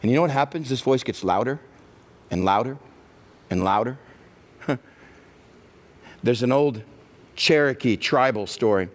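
A middle-aged male pastor delivers a sermon at a medium pitch. He acts out the voices in his head as he speaks and works up to a loud, passionate finish. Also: unhurried, pauses often.

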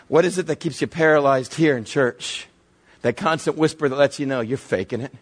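A man preaching a sermon as pastor, telling a Bible story with animated voices and sudden hushed low asides. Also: fairly quick.

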